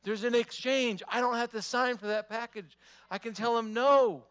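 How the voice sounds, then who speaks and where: A man's voice: extremely high pitch, steady tone, normal speed, fairly bright tone, smooth. A male pastor preaching a sermon, emphatic, repeating phrases and asking the congregation rhetorical questions.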